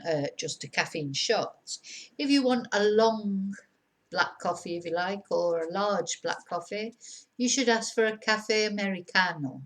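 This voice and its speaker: A middle-aged woman, explaining things in a chatty, rambling lesson, with fillers and small laughs. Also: medium pitch. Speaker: Spanish teacher on own channel. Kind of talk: casual spoken lesson.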